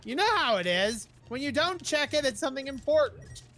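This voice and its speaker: A woman streaming a game, thinking out loud as she plays. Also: high-pitched, a little fast, soft background music. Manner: thinks aloud while playing, animated. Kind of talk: live game commentary.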